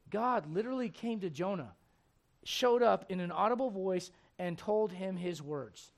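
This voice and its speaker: A man's voice: high-pitched, expressive, moderate pace, gravelly. A male preacher delivering a rousing sermon to a congregation, often putting questions to them. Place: church before a congregation.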